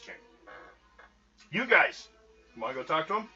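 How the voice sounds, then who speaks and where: Bright-voiced male game master. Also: a little high. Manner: lively, brisk and questioning. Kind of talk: narrating a tabletop game. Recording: dull lo-fi recording, faint music behind.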